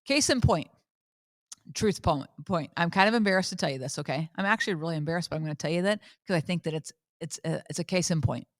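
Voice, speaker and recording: A woman in her fifties hosting a faith podcast, telling a candid personal story with lively repetition. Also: on the low side, fast talker, dry recording, clean studio sound. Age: 50s. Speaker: podcast host. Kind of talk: casual faith talk.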